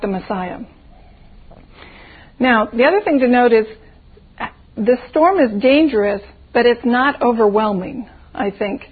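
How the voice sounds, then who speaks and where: A woman with a somewhat high, husky voice teaches a Bible passage in a relaxed, conversational way. She thinks aloud and keeps posing rhetorical questions. The sound is thin and tinny, like a phone line. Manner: reflective, poses rhetorical questions.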